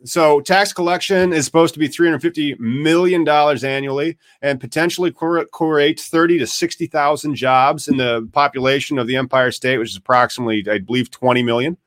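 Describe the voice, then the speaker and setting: A man's voice: a little high, steady tone, brisk, few pauses, fairly bright tone, no echo, clean studio sound. A man hosting a live podcast, talking casually and rambling with many fillers. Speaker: podcast host.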